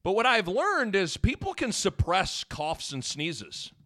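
Lively, bright-voiced male sports host. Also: high voice, unhurried. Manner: rambling, joking, piles on analogies. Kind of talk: casual sports talk.

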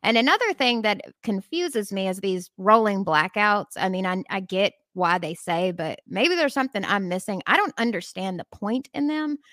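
A woman's voice: medium pitch, expressive, moderate pace, hardly any pauses, fairly bright tone, no echo, studio quality. A congested woman from Memphis, chatting casually and explaining at length. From Memphis, southern US. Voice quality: nasal from congestion. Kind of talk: casual chat.

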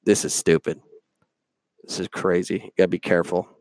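A man's voice: low voice, little pitch movement, a little fast, darkish tone, dry recording. A man hosting his own show, delivering an opinionated, emphatic rant full of fillers. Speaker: podcast host. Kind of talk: casual rant.

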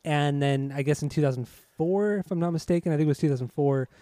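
A man's voice: on the high side, fast talker, mellow, no room sound. A man co-hosting a podcast, casually recounting a story with hesitant, rambling asides and swearing. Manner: rambling, hesitant, profane, many fillers. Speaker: podcast co-host. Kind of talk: casual chat, recounting music history.

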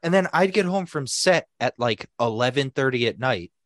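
A young adult man co-hosting a podcast, telling a story in a casual, animated way, swearing freely and acting out what other people said. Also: mid-range voice, moderate pace, no echo, studio quality. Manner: animated, profane, acts out quoted people. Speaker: podcast co-host.

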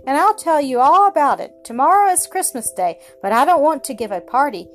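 A woman voicing a kindly, motherly chickadee bird who gently explains her plan in a storybook. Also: high voice, big pitch swings, a little fast, soft background music. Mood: earnest.

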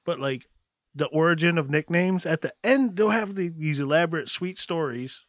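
A man co-hosting a podcast, joking around in casual chat and acting out quick quotes. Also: on the high side, dry recording, lo-fi sound. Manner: joking, animated, puts on quick quoted voices. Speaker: podcast co-host.

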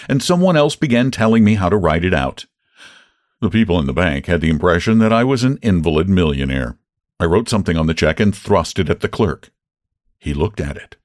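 A man hosts a podcast and narrates a short story in an expressive way. His voice is fairly low but swings widely in pitch. The recording is close and dry. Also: no room sound. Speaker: podcast host and story reader. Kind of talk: audiobook-style story narration.

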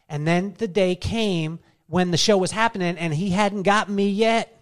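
A man's voice: high-pitched, unhurried. A middle-aged man giving an emphatic, story-driven motivational speech at a live summit. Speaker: keynote speaker.

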